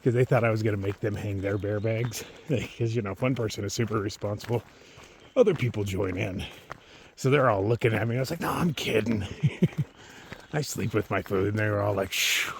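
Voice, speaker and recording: Filming himself on a long-distance hike, a man chats casually along a mountain trail, spinning wry, joking stories in a laid-back vlog style. His voice is lowish, creaky, and a little fast, with slight background noise.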